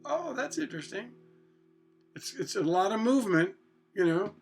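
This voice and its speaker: A man teaching songwriting, talking slowly with many restarts and singing short "na na" phrases to show chords. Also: high voice, very animated, creaky. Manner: breaks into sung "na na" phrases to demonstrate chords; halting, restarts often, asks rhetorical questions. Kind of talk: songwriting lesson, playing guitar. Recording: loud guitar under the voice. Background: acoustic guitar playing.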